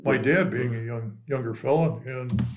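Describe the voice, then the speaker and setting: An older man telling local history stories in a casual, animated way, voicing the people in his anecdotes. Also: mid-range voice, moderate pace, background noise. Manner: animated anecdotes, quoting voices. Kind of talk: casual storytelling.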